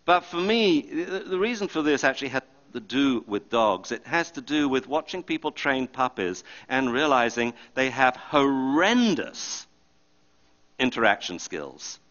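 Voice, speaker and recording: A man's voice: mid-range voice, sing-song, unhurried, fairly bright tone, dull audio. A man, a dog trainer giving a stage talk, who tells anecdotes animatedly and acts out the people in his stories. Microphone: body or handheld mic.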